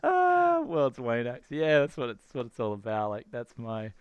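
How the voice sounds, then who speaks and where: An Australian man whose accent has softened from living overseas, hosting a casual live-stream chat in a playful, teasing way. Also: medium pitch, wildly swooping pitch, moderate pace, clear, resonant tone, no echo. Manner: laid-back, playful, teasing. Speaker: host.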